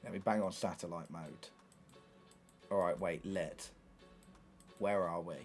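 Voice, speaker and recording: A young man telling casual stories to his livestream chat, animated and swearing freely. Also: sits low, measured pace, faint music behind. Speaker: streamer.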